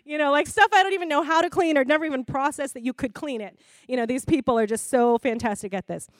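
A woman preaching a sermon in a conversational, expressive way, laughing often. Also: sits high, fast, no echo.

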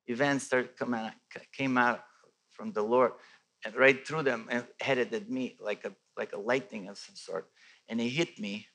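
A man from Bulgaria telling a personal faith testimony in animated storytelling, with many restarts and a voice that rises and falls. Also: medium pitch. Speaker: testimony speaker.

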